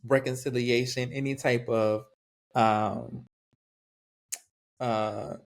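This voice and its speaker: A man co-hosting a podcast, playful and teasing, with animated reactions. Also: mid-range voice, slow, vocal fry. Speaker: podcast co-host. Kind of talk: casual podcast chat.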